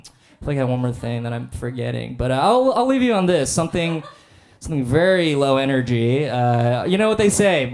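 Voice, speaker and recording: A man's voice: medium pitch, a little hiss or hum. Laid-back young man doing stand-up. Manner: laid-back, filler-heavy, self-deprecating delivery. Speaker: stand-up comedian. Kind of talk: stand-up comedy set. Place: comedy stage before a live audience.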